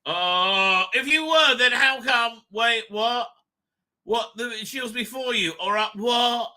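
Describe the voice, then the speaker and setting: A man hosting a live reaction review, rambling and profane, with stop-start sentences and sudden loud outbursts. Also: extremely high pitch, slow. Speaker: show host and reviewer.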